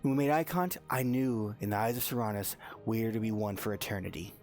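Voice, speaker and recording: A man's voice: on the low side, fast talker, a little mellow, soft background music, natural voice. A man voicing a devoted, centuries-old woman bride who speaks tender, earnest vows in a tabletop role-play.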